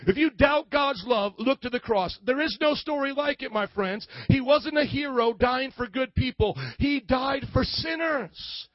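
A man's voice: extremely high pitch, a little slow, hardly any pauses, dry recording. A pastor preaching a sermon, often raising his voice and calling for the congregation to respond. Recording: dull lo-fi sound.

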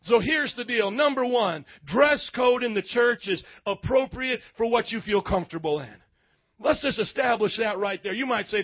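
A male pastor preaching a sermon, animated and leading call-and-response with his congregation. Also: sits high, moderate pace, muffled recording.

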